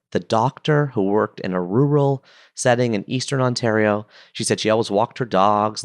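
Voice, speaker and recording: A man's voice: lowish voice, dry recording. A man hosting a podcast, chatting enthusiastically with playful asides into a close mic. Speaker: podcast host. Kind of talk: casual podcast monologue.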